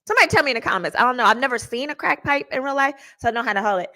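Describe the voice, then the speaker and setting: A woman attorney hosting a show, telling stories in a casual, slangy, animated way with laughing asides. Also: high-pitched, very fast, few pauses. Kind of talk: casual storytelling chat.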